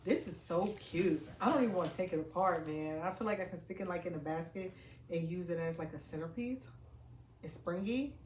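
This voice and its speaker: Excitable woman in an echoey room. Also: on the low side, fairly quick, slight background noise. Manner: chatty, excitable, talks to viewers as y'all. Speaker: family vlogger. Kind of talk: casual unboxing vlog. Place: home, indoors.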